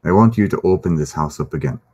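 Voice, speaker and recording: A man voicing a blunt, earnest dwarf adventurer who speaks in deliberate, formal speeches. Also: rumbling low, mellow, a little hiss or hum.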